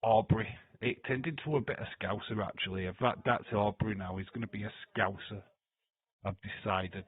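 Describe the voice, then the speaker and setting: A man with a lowish, husky voice hosts a live watch-along stream at a normal pace, reading chat comments aloud, joking, teasing and laughing often. The recording is dry and lo-fi, like a phone, with no echo.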